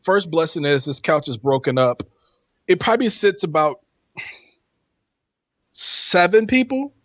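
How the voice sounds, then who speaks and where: A man co-hosting a casual podcast, telling a story in an animated way and laughing often. His voice sits slightly high. The recording is dry and a little dull, like lo-fi podcast audio. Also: measured pace, no room sound. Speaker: podcast co-host.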